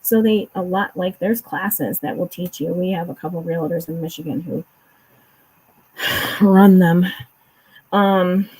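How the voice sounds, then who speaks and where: A woman's voice: fairly low pitch, a little slow, pauses often, warm tone, breathy edge, rough recording. A woman chatting casually on a remote call, explaining finance at length with frequent restarts and fillers. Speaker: co-host discussing a court case.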